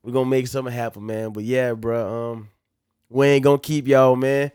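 A man's voice: mid-range voice, flat delivery, normal speed, darkish tone, clean tone, no echo, studio quality. A man with a Louisiana accent hosting a casual podcast, joking and slangy. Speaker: podcast host.

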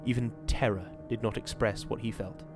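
Guy with a lowish voice reading a scary book on a podcast, faint music underneath. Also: fairly even intonation, normal speed. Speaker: podcast host reading a horror novel. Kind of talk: dramatic reading and casual commentary.

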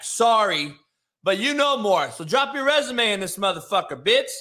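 A man hosts his own live stream in a fairly high, bright voice. He rambles casually between fillers and turns into profane, confrontational rants at commenters. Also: sing-song, normal speed. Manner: profane, confrontational ranting at chat. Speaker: live show host.

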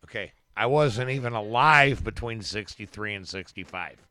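A man's voice: lowish voice, moderate pace, bright, forceful tone, no room sound. A man in his fifties co-hosting a podcast, joking crudely in casual chat. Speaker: podcast co-host.

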